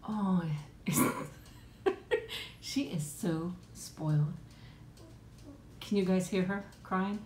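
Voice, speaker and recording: A woman's voice: on the low side, very slow, long pauses, a little mellow, roomy sound, a little hiss or hum. A middle-aged woman hosting a casual live chat from home on a tablet, laughing often and cooing at her pet. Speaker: live stream host.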